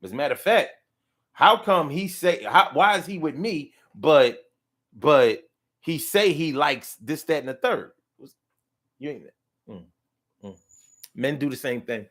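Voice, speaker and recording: Middle-aged male host, animated and playful, voice a touch higher than most men, swinging from a low drawl to loud bursts. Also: measured pace, pauses often. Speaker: host of a live talk show. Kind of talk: casual livestream chat reading comments.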